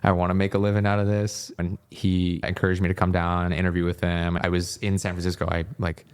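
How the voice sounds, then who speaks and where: Low smooth-voiced man telling stories. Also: quick pace. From Virginia, United States. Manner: lively storyteller who acts out quoted people. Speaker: podcast guest, former hockey coach. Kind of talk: casual interview storytelling.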